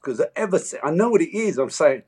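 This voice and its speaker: A man's voice: fairly high pitch, a little fast, breathy edge. A man, an actor chatting as an interview guest and acting out quotes as he tells stories. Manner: animated storyteller, acts out voices and quotes. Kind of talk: casual interview chat.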